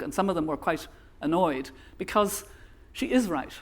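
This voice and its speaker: An older Irish woman in her seventies giving a conference keynote speech in a measured, earnest way, with small restarts. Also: fairly low pitch, animated, a little mellow. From Ireland. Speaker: keynote speaker.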